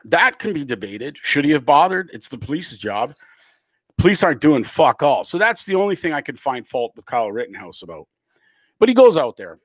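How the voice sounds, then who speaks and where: A man's voice: fairly high pitch, no echo. A middle-aged man, a comedian from Canada, ranting angrily to camera and swearing freely. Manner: angry, emphatic, swearing freely. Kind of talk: profane political rant to camera.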